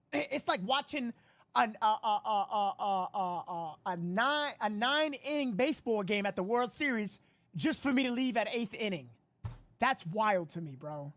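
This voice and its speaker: A woman hosting a casual livestream, frustrated and rambling loudly while thanking viewers. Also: on the high side, lively intonation, normal speed. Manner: frustrated, loud, swearing, rambling. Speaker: livestream host reacting to a live stream.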